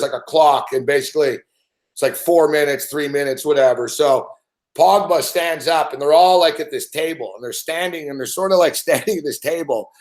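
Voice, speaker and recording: A man with a somewhat raised voice hosts a loose sports talk, getting worked up and swearing freely. He tosses in "dude" and "man" as he tells a story. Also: on the high side. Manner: excitable, swears a lot, says "dude" and "man". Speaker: show host. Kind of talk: casual profane sports chat.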